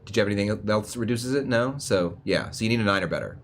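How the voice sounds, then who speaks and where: A man narrating as game master for a tabletop roleplaying game, talking in a relaxed, conversational way. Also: fairly low pitch, fast. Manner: relaxed and conversational, with frequent fillers and restarts.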